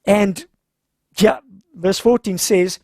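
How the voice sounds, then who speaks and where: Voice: medium pitch, slow pace, warm tone, no room sound. Dry-voiced seminar presenter. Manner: retells scripture informally, acting out the characters' lines. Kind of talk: conversational Bible-story sermon.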